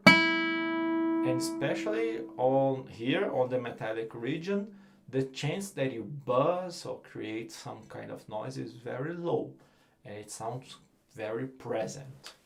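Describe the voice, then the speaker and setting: A man with a Brazilian accent, giving a relaxed guitar lesson and explaining technique with frequent fillers. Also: mid-range voice, creaky. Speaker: guitar teacher. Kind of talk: instructional lesson.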